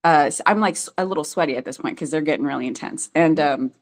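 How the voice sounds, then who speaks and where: A woman's voice: sits low, quick pace. A woman telling her own story as a podcast guest, chatty and full of fillers, often laughing as she goes. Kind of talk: casual storytelling.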